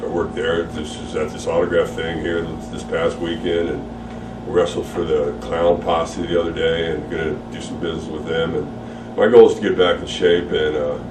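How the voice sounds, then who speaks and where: Very deep middle-aged man in a candid interview, relaxed and rambling, recorded far off in an echoey room. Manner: relaxed, rambling, frequent fillers and repeated words. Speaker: interview guest, retired wrestler. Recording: roomy echo, distant mic, faint hum.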